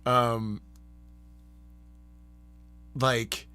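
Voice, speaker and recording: A man hosting a live stream, chatting casually in a rambling, animated way and laughing often. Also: mid-range voice, drawn-out words, clear, resonant tone, no room sound. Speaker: streamer and host.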